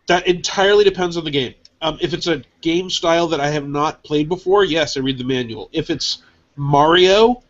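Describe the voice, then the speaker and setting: A man with a fairly high voice chats casually, telling animated stories and acting out what people said. The audio is muffled and lo-fi. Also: moderate pace. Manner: animated storyteller acting out conversations. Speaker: podcast guest, game designer. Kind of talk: casual chat.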